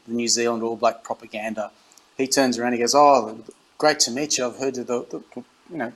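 A middle-aged Australian man tells stories in a relaxed interview. He acts out other people's lines with animation and restarts his sentences often. His voice sits at an ordinary medium pitch. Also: slightly rough, poor audio. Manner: animated anecdotes, acts out quoted dialogue, frequent restarts. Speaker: interview guest, former rugby captain. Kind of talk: casual storytelling.

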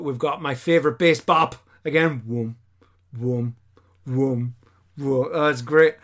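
A man hosting a casual podcast chat, animated and acting out quotes in silly voices. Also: on the high side. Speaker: podcast host.

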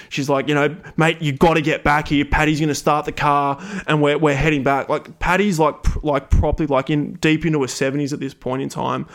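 An Australian man in his thirties, a podcast host telling a rambling, casual story with lots of fillers and laughter. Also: a little high.

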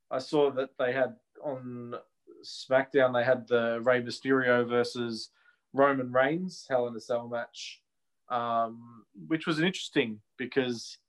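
A man co-hosting a podcast in casual, opinionated chat, laughing easily. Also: medium pitch. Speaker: podcast co-host.

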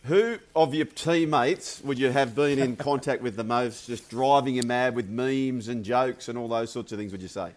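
A man asks a guest cheeky, playful questions in a casual podcast chat. His voice has an everyday middle pitch. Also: moderate pace, few pauses. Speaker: podcast co-host.

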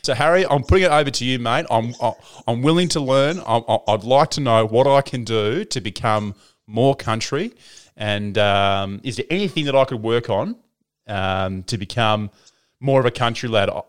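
A man's voice: medium pitch, moderate pace, clear, resonant tone. A man hosting a podcast over a video call, chatty, with many fillers and repeated words. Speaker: podcast host. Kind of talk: casual podcast chat.

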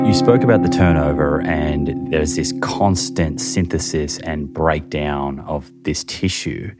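A man hosting a podcast, asking his guest questions in a measured, careful way. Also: a bass voice, loud music behind the voice. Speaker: podcast host. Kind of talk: interview questions.

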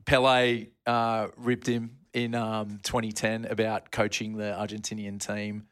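Man, podcast co-host, casual sports storytelling, rambling, bright tense tone. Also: on the low side, completely flat delivery, measured pace, clean tone. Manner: rambling, laughs at own slips.

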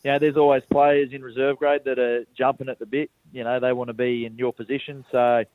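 A man's voice: medium pitch, level tone, brisk, no echo, narrow, tinny audio. A young man with a rural Australian accent, a rugby league player, talking casually by phone in a radio interview and laughing easily at himself. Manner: laid-back, self-mocking, laughs easily.

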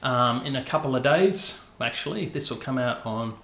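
A man's voice: medium pitch, lively intonation, normal speed, a bit bright, reverberant. A man hosting a casual podcast, chatty and self-mocking, with a lot of fillers. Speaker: podcast host.

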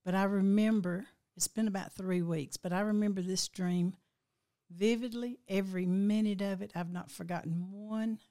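An older woman with a drawl recounts a vivid dream. She speaks in a middle pitch, slowly and reflectively. She is heartfelt, and her voice at times catches with feeling. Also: steady tone, dark tone. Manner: heartfelt, slow and reflective, voice breaking with emotion at times. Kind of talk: emotional personal storytelling.

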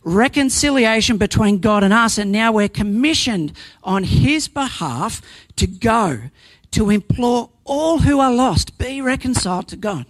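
A man's voice: high voice, lively intonation, unhurried, dry recording. A man preaching a sermon, earnest and emphatic, building points through repetition and sometimes restarting a phrase.

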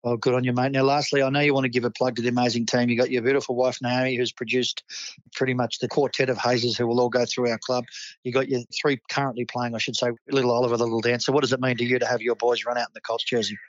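A man's voice: medium pitch, level tone, quick pace, dry recording, muffled recording. An Australian man hosting a local sports club roundup, enthusiastic and matey. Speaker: club host.

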